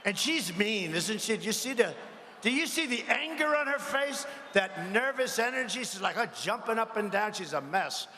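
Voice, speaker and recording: A man's voice: high-pitched, lively intonation, normal speed, pushed and bright. Man mocking his rivals from a rally stage. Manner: rambling and mocking, asks the crowd for agreement. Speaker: politician at a rally. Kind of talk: campaign rally speech. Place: large arena. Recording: echoing hall with faint crowd noise.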